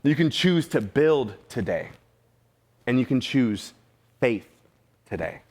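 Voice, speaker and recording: A man's voice: mid-range voice, sing-song, slow pace, a little mellow. Man preaching in a casual, conversational way. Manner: casual, conversational preaching with slang and repeated questions. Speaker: pastor. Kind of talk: sermon. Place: church sanctuary.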